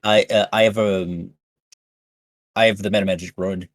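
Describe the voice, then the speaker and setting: A man's voice: low voice, flat delivery, normal speed. A man playing a tabletop game, talking through the rules at length. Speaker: player.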